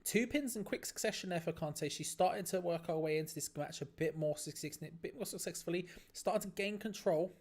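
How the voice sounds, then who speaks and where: A man hosting a live stream, giving excitable play-by-play reactions to a match, laughing often and restarting his phrases. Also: high-pitched, a little fast, few pauses. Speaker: watch-along stream host.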